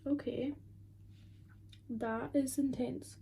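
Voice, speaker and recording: A woman's voice: sits high, steady tone, drawn-out words, vocal fry, background noise. A twenty-year-old woman, chatting casually and rambling with lots of fillers while doing her makeup at home. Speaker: beauty vlogger.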